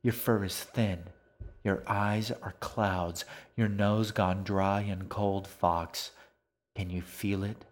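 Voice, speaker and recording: Low-voiced guy as a quiet, steely young girl in a storybook, slow and deliberate. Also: fairly even intonation. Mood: quiet menace. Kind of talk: audiobook character voice.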